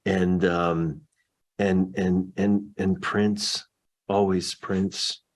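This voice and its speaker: A man's voice: low voice, flat delivery, drawn-out words. A man, a guest actor, rambling playfully in an interview with many ums. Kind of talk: casual interview chat.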